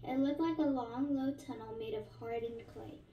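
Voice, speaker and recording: A woman reading a novel aloud in a steady voice, with small slips she corrects. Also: fairly high pitch, normal speed, distant mic, highs cut off, a little hiss or hum. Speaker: narrator. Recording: echoey room, voice off-mic.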